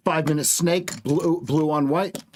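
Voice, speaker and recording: A man coaching viewers through live trading on a stream, excitable, repeating words and joking with the chat. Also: on the high side, measured pace, a little hiss or hum.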